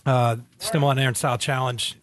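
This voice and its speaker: A man, a guest in a podcast studio, telling casual stories in an animated way and acting out quoted voices. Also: mid-range voice, brisk, no echo. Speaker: guest, motocross event organizer. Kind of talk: casual storytelling.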